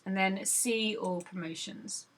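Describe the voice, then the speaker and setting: A woman's voice: medium pitch, fairly even intonation, slow pace, fairly bright tone, soft background music. A woman who leads a sales team, talking viewers through a screen-recorded tutorial in a chatty, instructive way with a few "um"s. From United Kingdom. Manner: chatty, instructive, stops to think with "um".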